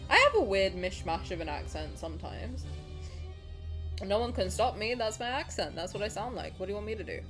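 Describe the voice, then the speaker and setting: Over music, a young woman from the American South reads a game story aloud to her stream in a medium-pitched voice. She is animated and chatty with her viewers, cursing readily and laughing at herself.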